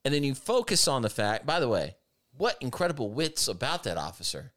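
A man hosting a talk show, giving emphatic, argumentative commentary that swings between rushed and drawn-out phrasing. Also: medium pitch, sing-song, fairly bright tone. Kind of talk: opinionated commentary chat.

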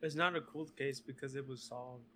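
A man co-hosting a casual podcast, chiming in to correct his partner and ask him to slow down. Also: mid-range voice, fairly even intonation, bright, forceful tone, rough recording. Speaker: podcast co-host.

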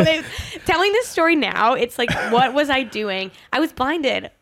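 A woman in her twenties hosting a podcast, telling a dating story in casual chat with lively, dramatic retelling. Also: high voice, moderate pace, vocal fry. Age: 20s. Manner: animated, dramatic retelling with laughter. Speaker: podcast host.

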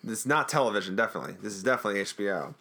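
Chatty male podcast co-host with a lively, swinging voice, jokey recap banter. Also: on the low side, rapid-fire, creaky. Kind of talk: casual recap chat.

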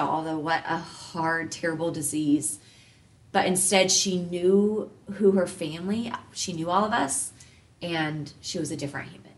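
A woman in her thirties telling a personal story as an interview guest, earnest and heartfelt, moving between hushed softness and lively bursts. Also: fairly low pitch, far from the mic.

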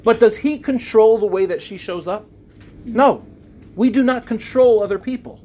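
High-voiced man telling a relationship story. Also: a little hiss or hum. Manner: storytelling, acts out quoted dialogue in softer voices. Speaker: speaker on relationships. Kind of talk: talk to a live audience.

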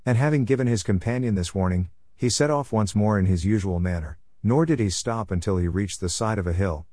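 A man reading a folk tale aloud as an audiobook narrator, in a steady, measured way. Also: lowish voice, no room sound.

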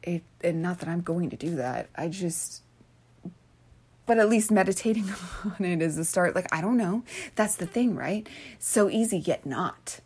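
A woman's voice: on the low side, normal speed, a little mellow, slightly rough. Rambling Valley-girl-ish woman podcaster. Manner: swears freely, earnest. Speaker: podcast host. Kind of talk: casual spiritual monologue.

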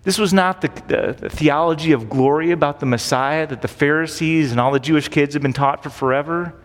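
A man's voice: fairly high pitch, brisk. A man teaching through a Bible passage as a pastor, in a casual, conversational way, often checking in with rhetorical questions. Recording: long reverb.

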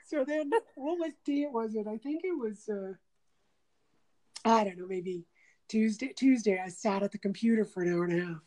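A woman's voice: medium pitch, moderate pace, low-quality recording. A middle-aged woman in casual chat, telling a story with lots of laughter and acted-out quotes. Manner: animated storyteller, laughs often, acts out quotes.

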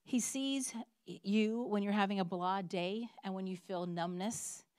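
A woman's voice: mid-range voice, unhurried, darkish tone, smooth, no room sound, studio quality. A woman preaching a sermon in an earnest, emphatic way, reading scripture and telling personal stories.

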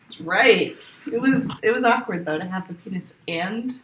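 Deadpan joking woman player. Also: mid-range voice, normal speed, echoey room, slight background noise, low-quality recording. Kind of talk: casual table chat.

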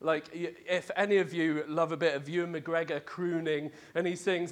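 A man delivers a Sunday sermon in a relaxed, chatty way. His voice sits high for a man, and he jokes and uses plenty of fillers as he goes. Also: brisk, hardly any pauses. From Wales lived in, not grown up. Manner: jokey, conversational, lots of fillers and laughs. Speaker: preacher. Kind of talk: lively sermon.

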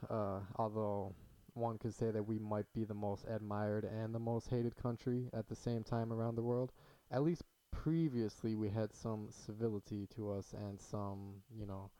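A man co-hosting a casual political podcast, with a mellow, dark-toned voice. He speaks in a measured, articulate way with a dry, wry edge. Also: on the low side, level tone, poor audio. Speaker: podcast co-host.

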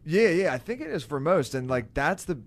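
A young adult man hosting a podcast interview, relaxed and casual, with lots of "like" in his speech. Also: fairly high pitch, brisk. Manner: relaxed, uses "like" a lot. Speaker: podcast host.

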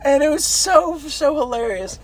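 Animated laughing man telling stories. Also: moderate pace. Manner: laughing, animated, acts out quotes with big pitch jumps. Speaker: army veteran telling stories. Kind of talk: casual storytelling chat.

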